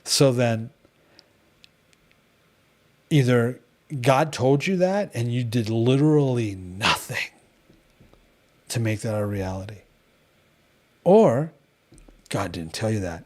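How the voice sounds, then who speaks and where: A man's voice: medium pitch, lively intonation, slow, pauses often, darkish tone. A middle-aged man leading a devotional gathering in casual talk, telling stories bluntly with many restarts. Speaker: devotional group leader.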